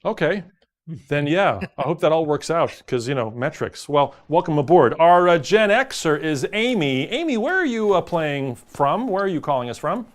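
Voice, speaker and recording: A man's voice: on the high side, very animated, moderate pace. A man hosting a quiz show over a video call, cracking puns and bantering with contestants. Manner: jokey, punning banter with contestants.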